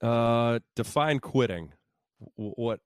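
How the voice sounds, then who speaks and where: Podcast co-host, male, resonant and a bit low, profane and self-interrupting, close dry mic. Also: takes it slowly, smooth, no room sound. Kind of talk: casual sports chat.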